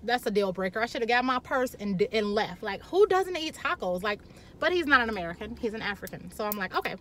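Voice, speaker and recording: Bright, brash woman vlogger. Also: a little high, fairly quick, a little hiss or hum. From Chicago. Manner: blunt, profane, animated. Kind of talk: candid storytelling to camera.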